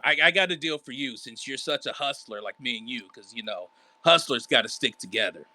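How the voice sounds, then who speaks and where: A slick hustler with a put-on accent and a bright, forceful voice, played by a man at a tabletop game. He talks like a salesman working a mark. His pitch sits mid-range. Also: lively intonation, brisk. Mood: hustling. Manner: smooth-talking salesman with a put-on fake accent. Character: slick smooth-talking male hustler character.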